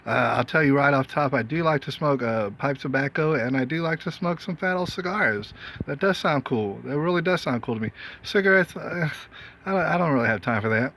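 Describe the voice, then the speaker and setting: A man's voice: on the high side, expressive, brisk, fairly bright tone, a little hiss or hum. A man delivers a solo monologue for his own show. He wanders from point to point, filling gaps with "uh" and "you know," and keeps checking in with rhetorical questions. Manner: meandering, frequent fillers and rhetorical questions. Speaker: host. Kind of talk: casual monologue.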